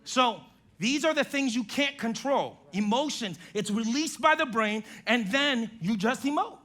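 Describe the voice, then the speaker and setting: A male pastor preaching a sermon in a church, acting out quotes from spouses in an animated way. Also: very high-pitched, measured pace.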